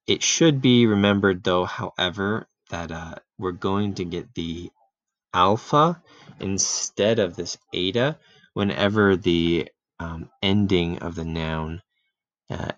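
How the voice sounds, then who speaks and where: Very deep, gravelly man teaching. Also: no echo. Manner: relaxed, with many fillers and restarts; clears throat often. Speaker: Greek teacher. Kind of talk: casual spoken grammar lesson. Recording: dull, dry home recording.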